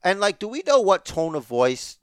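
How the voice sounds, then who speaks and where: A man's voice: high-pitched, big pitch swings, normal speed, clear, resonant tone, dry recording, clean studio sound. A man co-hosting a podcast, talking casually with lots of slang and fillers. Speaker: podcast co-host. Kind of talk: casual chat.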